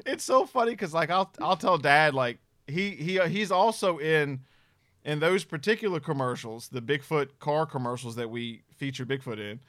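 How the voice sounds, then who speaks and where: A man's voice: on the high side, lively intonation, normal speed, a bit bright, no room sound, studio quality. A man with a Southern US accent, a podcast guest chatting casually and laughing easily. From Virginia, US. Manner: easygoing, laughing. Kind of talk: casual chat.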